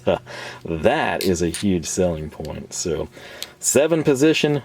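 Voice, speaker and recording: A man with a Texan accent, hoarse from losing his voice, chatting casually and rambling through a hands-on tool review. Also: low voice, a little mellow. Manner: rambling, chatty, laughs often. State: hoarse, recovering from lost voice.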